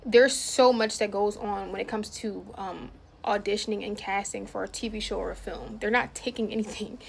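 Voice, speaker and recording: Gravelly woman ranting. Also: medium pitch, steady tone, moderate pace, a little hiss or hum. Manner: exasperated, emphatic. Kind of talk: casual rant.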